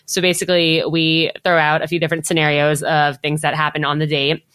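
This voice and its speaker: A woman's voice: deep voice, little pitch movement, fairly quick, fairly bright tone, clean tone, no echo, clean studio sound. A woman hosting a podcast, chatty and upbeat, with lots of filler "like". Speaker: podcast host. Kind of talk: casual podcast chat.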